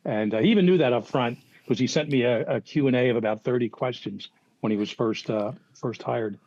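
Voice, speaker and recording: A man's voice: mid-range voice, brisk, a little mellow, dry recording. An older man tells rambling stories, full of fillers and false starts. His audio is slightly muffled and lo-fi. There is almost no room sound around him. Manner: rambling anecdotes with many restarts and fillers. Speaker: guest, former FBI profiler. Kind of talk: casual podcast storytelling.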